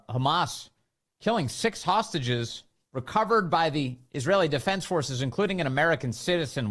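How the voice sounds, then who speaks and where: Sarcastic male talk radio host. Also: mid-range voice. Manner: sarcastic, amused, lively. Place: radio studio. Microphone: studio microphone.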